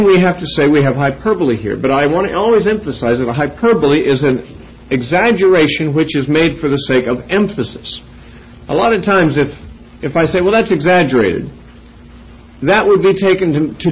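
Husky-voiced man teaching scripture, lo-fi. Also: on the high side. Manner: measured, reasoning aloud with quoted scripture. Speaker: Bible teacher. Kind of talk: expository Bible teaching. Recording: dull lo-fi recording.

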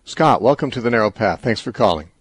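A man hosting a radio call-in show, explaining a Bible passage in a thoughtful, halting way full of fillers and restarts. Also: lowish voice, expressive, breathy edge, no echo.

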